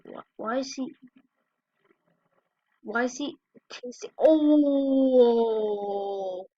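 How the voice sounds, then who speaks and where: A woman with a fairly high, dark-toned voice draws out her words as she exclaims short reactions to fail clips for her YouTube channel. The recording is dry, dull and lo-fi.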